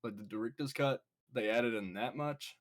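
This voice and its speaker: A man's voice: mid-range voice, moderate pace. A man with a New Zealand accent co-hosting a podcast, chatting casually, swearing often and laughing a lot. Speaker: podcast co-host. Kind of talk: casual chat.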